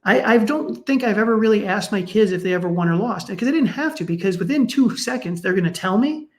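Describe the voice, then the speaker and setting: Animated middle-aged man telling stories. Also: brisk. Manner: animated, acts out quoted parents with raised pitch. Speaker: sports psychologist guest. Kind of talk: conversational storytelling.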